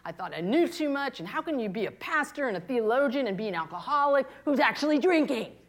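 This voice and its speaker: A woman in her fifties, a pastor preaching a candid, confessional sermon, moving between hushed and impassioned. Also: sits high, animated, fast talker. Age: 50s.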